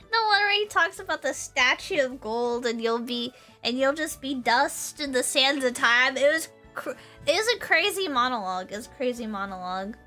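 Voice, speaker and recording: A woman's voice: high voice, lively intonation, moderate pace, bright, forceful tone, soft background music. A young woman hosting a casual livestream chat, rambling through stories and breaking into giggles. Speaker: livestream host.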